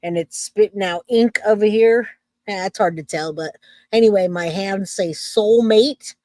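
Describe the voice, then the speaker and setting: A woman's voice: medium pitch, darkish tone, dry recording. A woman hosting a true crime livestream, chatting loosely with her viewers and reading comments aloud. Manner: loose and chatty, self-interrupting, laughs easily.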